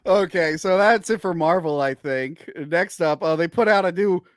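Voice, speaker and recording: Host, male, chatty streamer, fairly high voice, very dry close sound. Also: moderate pace, no echo. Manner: chatty, swears when annoyed. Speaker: podcast host. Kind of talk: casual chat on a live stream. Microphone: hardwired webcam stream.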